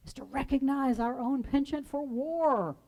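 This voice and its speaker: A woman minister giving a sermon, telling stories in a gentle, measured way and dramatizing the quotes. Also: high-pitched, rough recording. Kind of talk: sermon storytelling.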